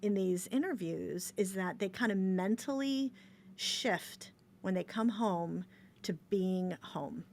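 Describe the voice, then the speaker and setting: A woman's voice: mid-range voice, takes it slowly, a little mellow, slight background noise. A woman hosting a podcast interview, asking questions in a casual, affirming way. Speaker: podcast host.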